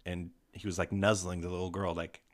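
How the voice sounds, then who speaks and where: A man hosting a casual podcast chat, retelling a tabletop game story in an animated way, swearing freely. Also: low voice, brisk. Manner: animated, swearing, breaks into laughter.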